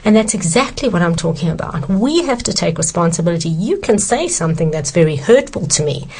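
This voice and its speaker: A woman's voice: fairly low pitch, animated, fairly quick, a little mellow, slightly rough. A woman author earnestly answering questions about self-esteem, emphatic and sincere.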